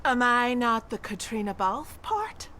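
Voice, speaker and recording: An actress playing an affronted daughter who is cast as the granny. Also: female voice, fairly high pitch, big pitch swings, unhurried, very noisy. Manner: affronted, indignant. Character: put-upon Belfast daughter cast as the granny.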